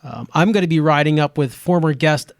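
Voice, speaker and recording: A man with a fairly high speaking voice runs through a list of upcoming events on a podcast, loose and a little jokey. He is recorded close and dry in a small studio. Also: brisk, gravelly, no echo. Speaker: podcast co-host. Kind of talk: casual chat.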